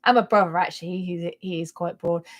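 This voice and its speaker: A woman's voice: fairly low pitch, steady tone, fairly quick. A woman in her thirties with a Norfolk English accent, hosting a casual crochet live stream, chatty and self-deprecating, laughing often. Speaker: crochet channel host.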